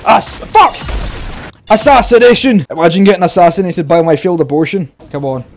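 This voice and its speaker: High-pitched young man yelling at a game. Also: brisk, soft background music. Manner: loud, swearing, shouting catchphrases. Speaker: gaming YouTuber. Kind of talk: gameplay commentary.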